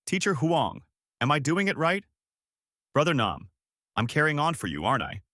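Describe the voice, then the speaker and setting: A man's voice: on the high side, sing-song, normal speed, dry recording, studio quality, pitched above the performer's own voice. Man voicing a young woman crying out. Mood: tearful. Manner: shouting, pleading through tears. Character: grieving young woman teacher, tearful and desperate.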